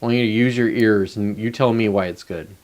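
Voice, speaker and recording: A man's voice: lowish voice, steady tone, fairly quick, darkish tone. A man hosting his own show, ranting casually in a profane, sarcastic and annoyed way, with muttered asides. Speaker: host.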